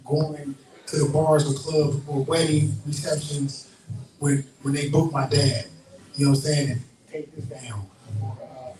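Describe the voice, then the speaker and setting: A man's voice: a little high, flat delivery, unhurried, roomy sound, far from the mic, a crowd in the background, poor audio. A man co-hosting a podcast, telling stories in an easygoing, casual way. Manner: easygoing, laughs between stories. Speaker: podcast co-host. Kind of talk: casual chat, storytelling.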